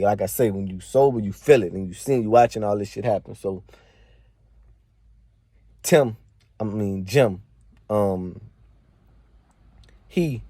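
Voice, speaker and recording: A man's voice: lowish voice, warm tone, no echo, clean studio sound. A man telling a rambling, slangy story from a party in a casual storytime monologue. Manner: slangy, rambling, fillers and restarts.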